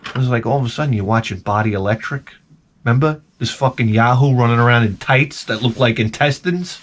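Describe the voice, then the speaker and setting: A man vlogging in a rambling comic monologue, animated and swearing freely as he slips into mocking voices. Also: medium pitch, a little fast.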